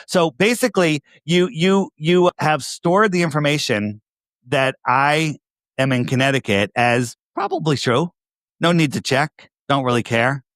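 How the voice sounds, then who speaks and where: Speaking fairly quickly and in an animated way, this man's voice is on the high side and fairly bright. He's a New York-accented podcast guest on a video call, making casual conversation and hammering points with emphatic rhetorical questions. Clean, dry studio sound.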